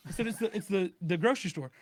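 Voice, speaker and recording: A man in a casual podcast chat with friends, telling a story in an animated way and acting out both sides of phone calls. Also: sits high, fast, no echo, studio quality. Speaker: podcast co-host.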